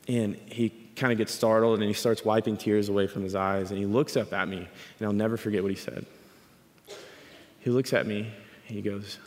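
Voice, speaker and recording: A man giving a sermon, explaining scripture and telling a story in an animated way. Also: fairly low pitch, fast talker. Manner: animated storytelling, acts out quoted voices. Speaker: speaker teaching scripture. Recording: long hall reverb.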